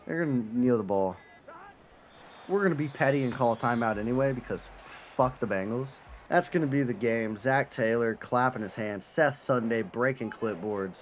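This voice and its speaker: A young man giving casual, animated commentary over a football video game, cursing and swinging between frustration and excitement. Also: medium pitch, moderate pace. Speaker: gaming commentator. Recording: slightly dull sound, faint background noise.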